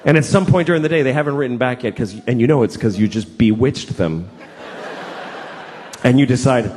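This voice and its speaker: A man doing a stand-up comedy routine with an animated, profane, exasperated delivery. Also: mid-range voice, fairly quick, a little hiss or hum. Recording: reverberant hall, faint ambience.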